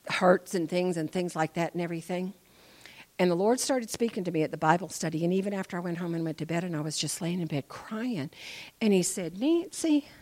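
A woman giving an informal church testimony, chatty and animated, moving between quiet asides and loud emphatic preaching. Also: lowish voice. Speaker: speaker sharing a testimony.

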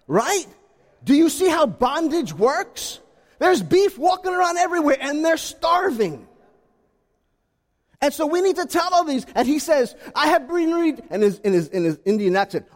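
High animated preacher in an echoey hall. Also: male voice. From South Carolina. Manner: swings from hushed to shouting. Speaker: pastor. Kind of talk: sermon.

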